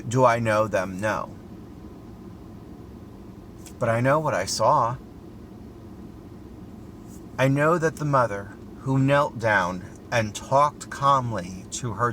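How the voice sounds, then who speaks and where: A man's voice: mid-range voice, a little hiss or hum. A middle-aged man vlogging from a parked car, telling a story in an earnest, chatty way. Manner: chatty, earnest, lively with rhetorical questions. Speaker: style vlogger. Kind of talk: casual storytelling commentary. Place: inside a parked car outside a store.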